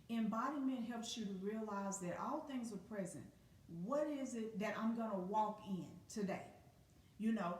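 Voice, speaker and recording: A woman giving a casual motivational talk as a spiritual teacher, speaking bluntly and emphatically with plenty of profanity. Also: on the high side. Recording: echoey room, distant from the mic.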